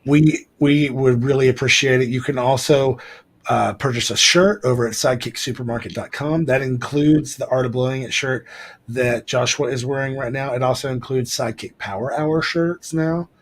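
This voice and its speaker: A man's voice: mid-range voice, fairly even intonation, moderate pace, rough recording. A man co-hosting a live show, talking casually and loosely, with many ums and restarts as he thanks and appeals to listeners. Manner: rambling with many fillers and restarts. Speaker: podcast co-host. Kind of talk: casual livestream chat.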